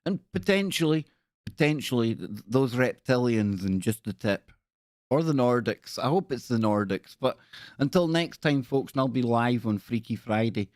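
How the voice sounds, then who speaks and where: A man's voice: medium pitch, darkish tone, no room sound, studio quality. A man hosting a casual live stream, chatty and jokey, greeting viewers by name.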